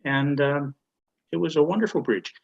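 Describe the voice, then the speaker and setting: An older man telling a story on a church video call, measured and deliberate. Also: a little high, gravelly, lo-fi sound. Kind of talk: casual storytelling.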